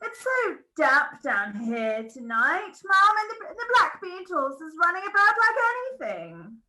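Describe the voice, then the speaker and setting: A woman's voice: very high-pitched, big pitch swings, measured pace, pushed and bright, full character voice, rough recording. A woman reading the part of a flustered young housemaid who fusses in a breathless way. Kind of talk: script read-through.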